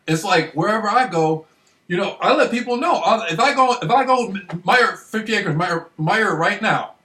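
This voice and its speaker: A man recording a rambling, excited monologue, repeating himself and often asking if you follow him. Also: high voice, echoey room, recorded from a distance. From Michigan, United States. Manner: excited, repetitive, keeps asking "you know what I mean". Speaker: vlogger.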